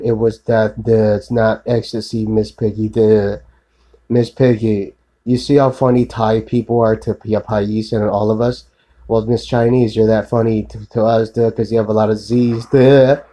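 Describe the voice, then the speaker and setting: A man's voice: lowish voice, warm tone, rough recording. Profane ranting man, rambling monologue. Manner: profane ranting, constant filler tags; repetitive, accusatory, addressing an unseen woman.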